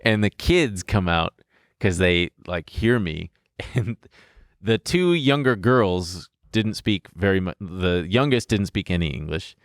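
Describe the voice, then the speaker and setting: Podcast co-host, male, deep-set voice, frank and laughing as he recounts. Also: lively intonation, measured pace, dry recording, clean studio sound. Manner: candid, laughs through his story, swears freely. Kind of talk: casual storytelling chat.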